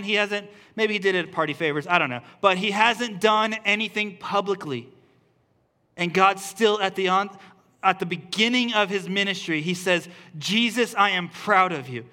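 A man's voice: sits high, sharp tone. A man, a pastor, preaching a sermon in an earnest, repetitive way that builds emphasis through restarts. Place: church service.

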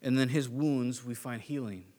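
A man preaching a sermon, animated, acting out quick voices of biblical figures and swinging between soft and emphatic delivery. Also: mid-range voice. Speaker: pastor.

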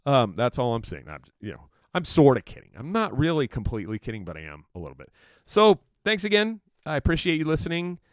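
A man's voice: mid-range voice, huge pitch swings, fast talker, dry recording, clean studio sound. A man hosting his own podcast, telling a story in a rambling, casual way with lots of fillers and swearing. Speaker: podcast host.

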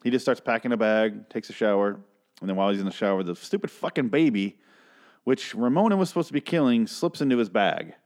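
A man's voice: fairly low pitch, lively intonation, fast talker, darkish tone. A man casually ranting through a TV episode recap, sarcastic and swearing often, drifting into tangents.

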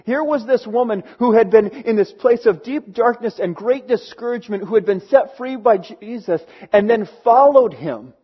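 A man's voice: extremely high pitch, husky. A man preaching an earnest sermon, sometimes stumbling over his words, on a dull, lo-fi recording. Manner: earnest, with restarts when moved. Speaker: pastor.

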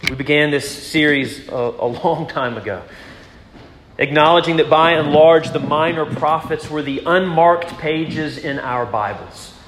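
A man's voice: a little high, unhurried, a crowd in the background. Earnest preaching man in an echoey hall. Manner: earnest preaching, swings from loud emphasis to hushed, rhetorical questions. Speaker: pastor. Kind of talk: sermon. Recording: echoey hall with background noise.

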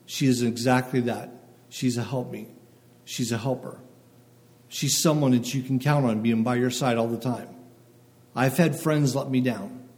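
A man's voice: mid-range voice, steady tone, unhurried, a little mellow. Man preaching in a reverberant hall. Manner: short phrases, reads scripture aloud, asks the listeners "okay?". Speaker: pastor. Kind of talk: sermon.

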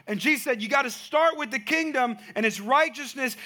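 Male pastor, high bright voice, animated preaching with a storytelling flair. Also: brisk. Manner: animated storytelling with rising emphatic climaxes. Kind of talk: sermon.

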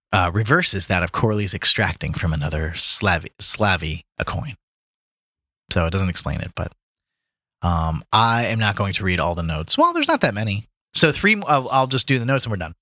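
A man with a low voice, bright in tone, reads a story aloud for a podcast. His pitch moves a lot as he slips into voices for the characters, and the sound is dry and close. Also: dry recording. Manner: reads aloud with lively put-on voices for characters, stumbling over words. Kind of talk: casual reading and chat about a book.

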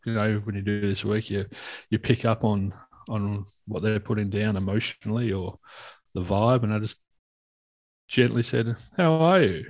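A reflective man talks through his experiences as a workshop facilitator, slipping into the voices of the people in his stories. His voice sits low. The sound is dry and a little muffled. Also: little pitch movement, normal speed, a little mellow, no echo. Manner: reflective, acts out quoted speech in stories. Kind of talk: conversational storytelling. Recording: dull lo-fi sound.

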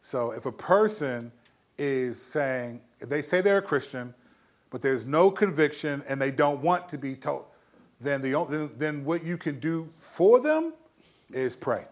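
A man's voice: a little high, expressive, measured pace. A man hosting a faith talk show, casually giving Bible advice with easygoing slang and frequent chuckles. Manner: laid-back and slangy, chuckles often, many restarts. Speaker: Christian podcast host answering questions.

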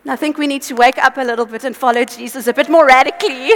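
A high-pitched woman preaches in an earnest, exhorting way, breaking into chatty asides. Her tiring voice rings out with a long echo, as if in a large church hall. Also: a little fast, hardly any pauses, fairly bright tone, a little hiss or hum. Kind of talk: conversational sermon.

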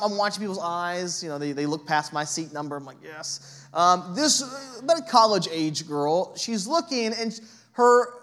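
A man preaching a sermon in a conversational way, often adding "right?" and telling animated, self-deprecating stories. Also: high-pitched. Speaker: pastor.

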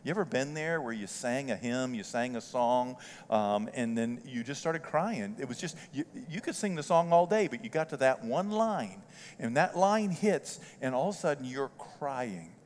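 An older man preaching a sermon as pastor, telling folksy stories with strong emotion that swells loud and high. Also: expressive, moderate pace. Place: church sanctuary. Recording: church hall reverb.

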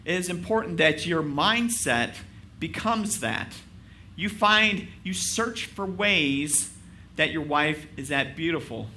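A man preaches a sermon in a loose, chatty way, poking fun at himself and checking in with his listeners. His voice is bright and forceful and sits a bit high for a man. Faint room ambience hums behind him. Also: expressive, slow, a little hiss or hum. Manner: casual, self-deprecating, asks the audience rhetorical questions. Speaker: pastor. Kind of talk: conversational sermon.

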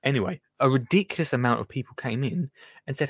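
Fast and medium-pitched with a breathy edge, the English host chats through listener comments on his live show. He rambles, laughs frequently and drifts into mutters, all captured in clean studio sound without echo.

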